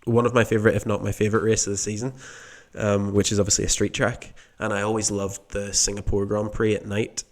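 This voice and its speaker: A man from the UK talks in a relaxed podcast chat, circling around his point before landing on it. His voice sits on the low side and stays level, with little rise and fall. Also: fairly quick, hardly any pauses. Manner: meandering, thinks aloud while answering. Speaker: podcast co-host. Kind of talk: casual chat.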